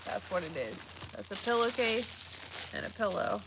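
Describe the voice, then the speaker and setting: A woman's voice: medium pitch, very animated, moderate pace, gravelly. A woman chatting casually on a live stream while she opens gifts. She gets emotional and is often close to tears. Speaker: vlogger opening viewer gifts. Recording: loud background noise with crinkling.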